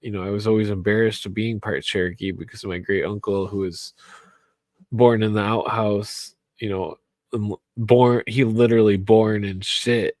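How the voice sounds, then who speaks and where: Buzzed guy ranting on his radio show, swears a lot, keeps repeating himself, lowish voice, dry sound. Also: fairly even intonation, moderate pace, darkish tone, no room sound. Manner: profane, rambling, repeats himself. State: tipsy from alcohol. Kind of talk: rambling late-night talk radio monologue.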